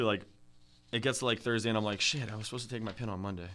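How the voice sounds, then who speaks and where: Laid-back young podcast co-host, bright voice, laughs a lot. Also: male voice, on the low side, steady tone, very fast, slight background noise. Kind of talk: casual chat.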